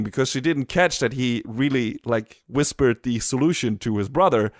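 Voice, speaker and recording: A man co-hosts a podcast in a casual anime review chat, speaking at a moderate pace in a mid-range voice with lively intonation. He's enthusiastic, swears and laughs often. The recording is dry and studio quality.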